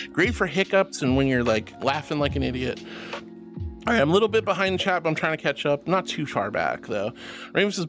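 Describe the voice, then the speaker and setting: A VTuber streamer in casual live-stream chat, gushing over viewers and calling them sweetie and honey, often breaking into giggles. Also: mid-range voice.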